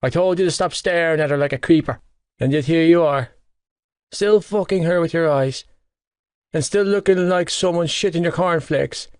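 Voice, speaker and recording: A man's voice: on the high side, moderate pace, clean tone, dry recording, clean studio sound, pitched above the performer's own voice, close to an everyday voice. A man voicing a teasing, dramatic teenage schoolboy best friend in an audiobook. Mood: exasperated. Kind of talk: audiobook character voice.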